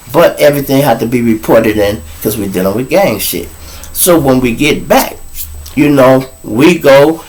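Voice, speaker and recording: A man's voice: mid-range voice, low-quality recording. A man hosting a podcast, telling a long story in casual, profane talk and acting out other people's words. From Chicago. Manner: animated, profane, acts out quoted voices. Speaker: podcast host.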